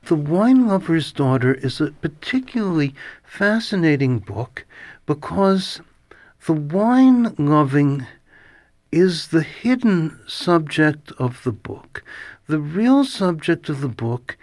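A man's voice: a little high, big pitch swings, no echo. A man hosting a literary radio interview show from a studio, speaking in a thoughtful, musing way. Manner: slow, thoughtful, musing delivery. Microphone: studio microphone.

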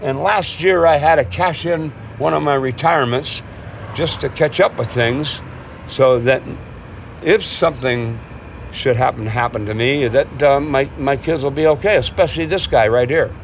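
The voice is mid-range and creaky at a normal speed, with a little hiss or hum in the audio. It comes from a boat owner in his sixties, interviewed outside near his home and harbor, who chats candidly, meanders, and laughs easily.

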